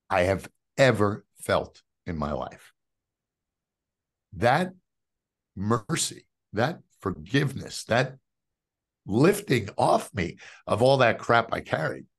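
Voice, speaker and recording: A middle-aged man from New York, a podcast guest telling his personal faith testimony as an animated storyteller who calls the host brother. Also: fairly low pitch, slightly rough. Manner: animated storyteller who acts out quoted dialogue.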